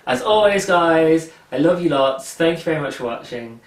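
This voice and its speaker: A man's voice: on the high side, animated, normal speed. Man, podcast host, casual chat, self-mocking, roomy echo. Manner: chatty, rambling, self-mocking. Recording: roomy echo, mic at a distance.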